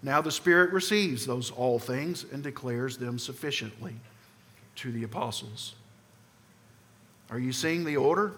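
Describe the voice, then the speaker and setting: A man preaching a sermon with emphasis, putting questions to the congregation and swinging between loud and soft passages. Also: medium pitch, a little slow, pauses often. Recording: long hall reverb.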